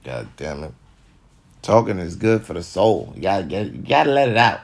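Low-voiced man on a cussing rant. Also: very animated, normal speed, vocal fry. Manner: repetitive, preachy and heavy with cursing. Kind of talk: profane comedic rant to camera.

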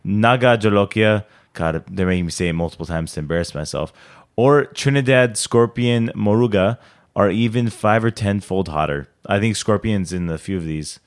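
A man's voice: lowish voice, moderate pace. A man co-hosting a podcast, explaining facts in casual chat with fillers and easy laughter. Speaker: podcast co-host.

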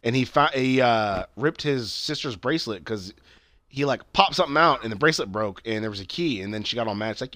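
A man's voice: on the low side, fast, sharp tone, dry recording. Rambling, swearing man recapping a show. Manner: rambling, swears a lot, many fillers and restarts. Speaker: podcast co-host. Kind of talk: casual chat recapping a TV show.

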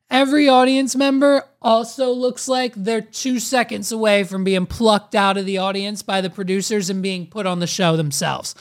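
A woman co-hosting a podcast, reacting to a clip in an animated, joking way and recapping it quickly. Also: on the high side. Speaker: podcast co-host. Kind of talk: casual podcast reaction commentary.

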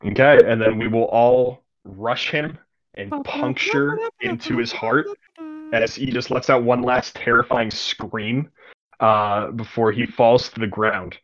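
A man's voice: medium pitch, fairly even intonation, a little slow, fairly bright tone, dull audio. A young man narrating a tabletop game as game master, describing scenes casually and vividly with many fillers.

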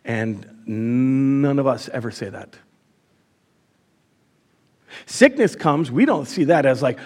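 A man's voice: medium pitch, very animated, unhurried, hardly any pauses. A man preaching a live sermon as pastor in a church, casual and chatty, with many fillers.

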